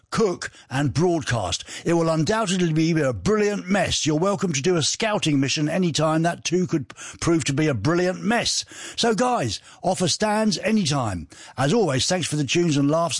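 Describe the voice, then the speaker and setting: A man's voice: on the high side, animated, normal speed, husky, dry recording, clean studio sound. A man hosting a radio show in a chatty, rambling, jokey way, reading out listener messages. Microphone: studio microphone.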